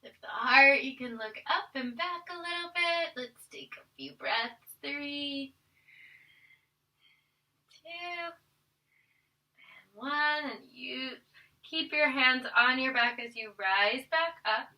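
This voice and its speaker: A woman's voice: high voice, a little slow, bright, forceful tone, recorded from a distance, poor audio. A woman teaching a guided family yoga class, playful and encouraging, counting through each pose aloud. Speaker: yoga instructor.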